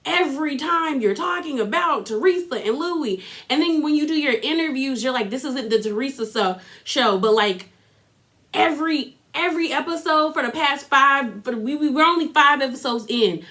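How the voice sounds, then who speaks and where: A woman recaps reality TV in a loose, chatty way. Her voice sits a little high, and she laughs easily and keeps dropping mocking asides as she goes. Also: lively intonation, normal speed, a bit bright. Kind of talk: casual recap commentary.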